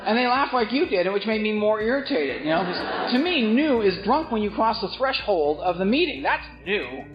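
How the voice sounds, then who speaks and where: Wry man telling stories in a hall. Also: high voice. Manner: wry, self-mocking, acts out other voices. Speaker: recovery meeting speaker. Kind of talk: comedic storytelling talk. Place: meeting hall with live audience. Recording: roomy, muffled hall recording with music.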